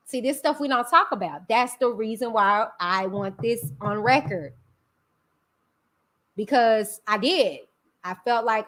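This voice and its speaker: Woman doing a live chat stream, bright highish voice, real candid, keeps going "you know what i'm saying". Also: a little slow. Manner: emphatic, confiding, addresses viewers as y'all. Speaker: channel host.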